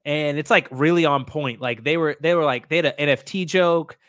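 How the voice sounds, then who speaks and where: A young man from Indiana chatting casually on a podcast, animated and joking with lots of fillers. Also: a little high, brisk, no room sound, studio quality. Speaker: podcast co-host. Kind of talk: casual chat.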